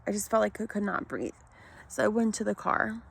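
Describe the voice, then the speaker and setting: A woman in her thirties telling her own health story, halting and emotional, with many pauses and ums. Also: medium pitch, expressive, gravelly, husky. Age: 30s. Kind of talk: personal storytelling to camera.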